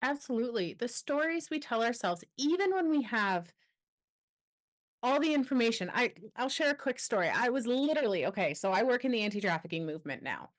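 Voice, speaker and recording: A woman guest on a podcast interview, telling a personal story with candid, animated energy and quoting others as she goes. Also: on the high side, fairly quick. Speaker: guest, anti-trafficking expert.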